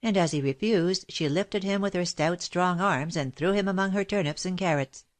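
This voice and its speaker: Woman reading an old novel aloud, low voice, steady and measured. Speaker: audiobook narrator. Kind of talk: scripted narration.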